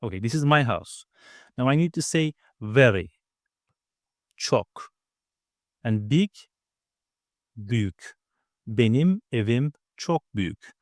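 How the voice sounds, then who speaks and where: A man teaching a grammar lesson, explaining patiently step by step and repeating words slowly. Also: medium pitch, animated, no room sound, clean studio sound. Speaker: language teacher.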